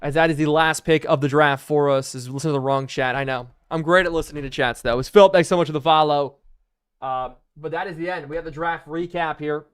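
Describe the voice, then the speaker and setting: A man's voice: a little high, steady tone, a little fast, clean tone. A young man live-streaming a video game, chatting to viewers and thinking aloud as he plays.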